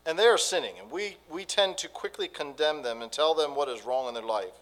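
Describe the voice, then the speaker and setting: A man preaching a sermon, swinging between quiet and loud delivery. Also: on the high side, animated, brisk, hardly any pauses, low-quality recording. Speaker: pastor.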